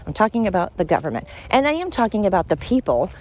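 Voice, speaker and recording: A woman's voice: medium pitch, big pitch swings, quick pace, darkish tone, slight background noise. A woman from the United States hosting a solo podcast, ranting bluntly with frequent swearing. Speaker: podcast host. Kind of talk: opinionated solo podcast monologue.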